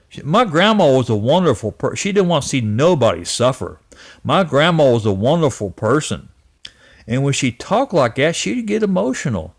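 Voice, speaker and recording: Earnest halting man in his fifties. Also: medium pitch, sing-song, slightly rough. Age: 50s. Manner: halting, repeats and restarts words, earnest. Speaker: channel host. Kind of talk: personal reminiscence to camera.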